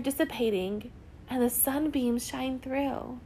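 A young woman with a fairly high voice talks through a personal story on her podcast. She is chatty and earnest, and lets her feelings show. She keeps dropping "like" into every sentence. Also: takes it slowly, slightly rough. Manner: chatty, heavy use of "like" fillers; earnest and emotional. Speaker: podcast host.

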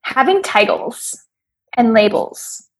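Woman, podcast co-host, casual chat, chatty, riffing on a topic, high-ish, husky. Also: sing-song, slow.

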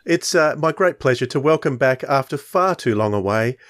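A man's voice: medium pitch, animated, moderate pace, fairly bright tone. A man hosting a podcast, chatting in a friendly, easygoing way with small hesitations. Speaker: podcast host. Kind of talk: casual chat.

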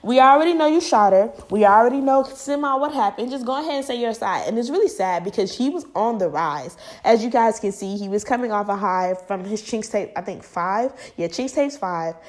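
A woman's voice: a little fast, hardly any pauses. A young woman from the United States vlogging, giving casual and profane celebrity commentary and acting out the voices she quotes. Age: young adult. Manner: animated, profane, acts out quoted voices high and loud.

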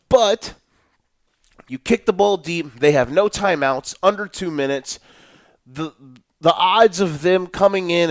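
A young man hosting a solo football talk show, ranting in an animated, profane way about coaches. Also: high voice, no room sound, clean studio sound. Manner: animated, profane, mocking coaches in a put-on boastful voice. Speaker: sports podcast host.

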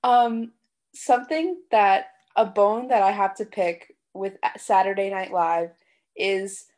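A woman's voice: medium pitch, slow pace, darkish tone. A woman guest on a podcast, chatting casually and explaining things in a knowledgeable way. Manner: knowledgeable, explains at length with little laughs. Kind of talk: casual chat.

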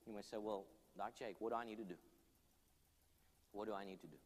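A man's voice: on the low side, fairly even intonation, a little fast. A man preaching an altar call, earnest and pleading, leading the congregation in prayer line by line. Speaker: pastor. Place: church hall. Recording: long hall reverb, soft music behind.

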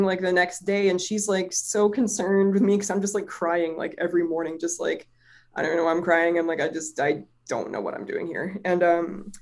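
A woman's voice: lowish voice, darkish tone. A woman chatting casually, telling a personal story in a rambling way, full of fillers and swearing, often laughing. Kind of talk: casual chat.

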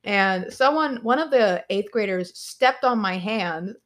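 A young adult woman telling a story as a podcast guest, animated, laughing often and swearing a lot. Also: medium pitch, measured pace. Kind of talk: casual storytelling.

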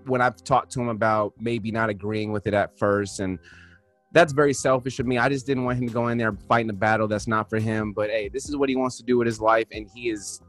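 A man's voice: fairly low pitch, steady tone, a little fast, fairly bright tone, soft background music. A man co-hosting a casual podcast, loose and chatty, often tagging his sentences with "man". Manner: laid-back, drops "man" and "you know what I'm saying" often. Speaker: podcast co-host. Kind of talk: casual chat.

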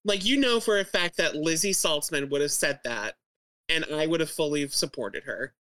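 Woman, lower voice, dry close sound, enthusiastic, laughs often, casual chat. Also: lively intonation, moderate pace, a bit bright, dry recording. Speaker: podcast co-host. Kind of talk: casual chat about a TV show.

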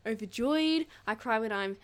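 A woman's voice: on the high side, lively intonation, moderate pace. A woman co-hosting a podcast in casual chat, blunt and swearing a lot. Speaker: podcast co-host.

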